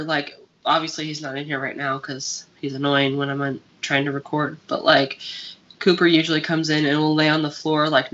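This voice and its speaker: Rambling, bright-voiced woman podcaster. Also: low-pitched, muffled recording. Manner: rambling, filler-heavy, profane. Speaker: podcast co-host. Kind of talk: casual chat.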